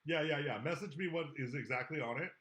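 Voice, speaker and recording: A man running a tabletop game as game master, animated and swearing freely. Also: on the high side, echoey room. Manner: animated, swearing, quick to laugh.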